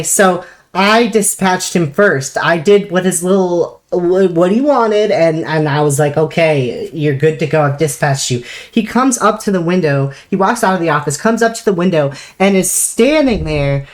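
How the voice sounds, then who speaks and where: Speaking in a lowish voice, a young female streamer chats casually about something that happened at work. Her telling is animated, sprinkled with casual swearing and bursts of laughter.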